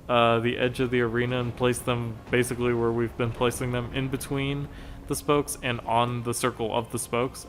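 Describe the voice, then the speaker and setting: A man commentating over gameplay footage, explaining a raid strategy in a chatty, rambling way and laughing at his own slip-ups. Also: mid-range voice.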